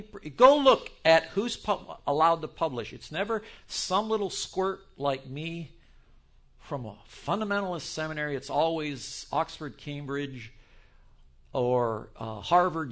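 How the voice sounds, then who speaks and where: A man giving an impassioned, sarcastic Bible lecture, swinging between quiet asides and loud outbursts. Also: on the high side. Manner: fiery, sarcastic, self-deprecating.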